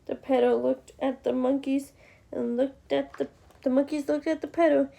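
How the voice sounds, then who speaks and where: A woman reading a picture book aloud, slow and with chatty asides to the listener. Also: high-pitched, steady tone, creaky, warm tone, slight background noise. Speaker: storybook reader.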